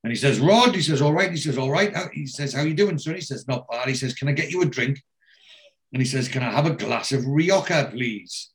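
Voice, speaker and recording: A man hosting a casual podcast, retelling a TV episode scene by scene and quoting the characters' lines, with a steady "he says" between quotes. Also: mid-range voice, fairly quick. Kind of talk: casual chat recapping a TV episode.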